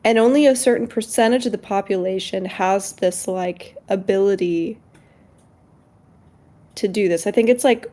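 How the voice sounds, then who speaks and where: A woman's voice: medium pitch, moderate pace, mellow. A woman chatting casually on a live stream, rambling with lots of fillers as she explains something. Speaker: co-streamer guest.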